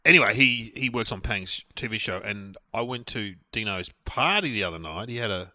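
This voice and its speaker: A man's voice: fairly low pitch, lively intonation, moderate pace, sharp tone, no room sound. An Australian man, a podcast co-host chatting casually and telling anecdotes. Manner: chatty, swift anecdotes with name-dropping asides. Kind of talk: casual chat.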